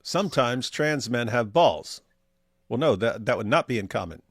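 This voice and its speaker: A man's voice: mid-range voice, expressive, moderate pace, no echo, clean studio sound. A man co-hosting a casual livestream, reading viewer chat aloud with sardonic humor. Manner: sardonic, mock voices for quoted viewers.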